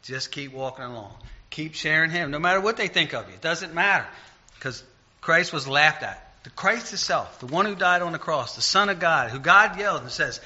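A male preacher speaks in a loose, conversational way and turns loud and emphatic as he retells stories. His voice is fairly high and very bright. The recording sounds dull and lo-fi. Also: lively intonation, moderate pace. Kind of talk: informal sermon.

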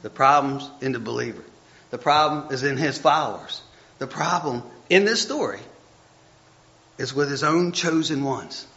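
Bright-voiced man preaching casually, lo-fi. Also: mid-range voice, expressive, normal speed. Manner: chatty, self-deprecating, reads scripture aloud and stumbles over it. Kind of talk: conversational sermon. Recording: dull lo-fi recording.

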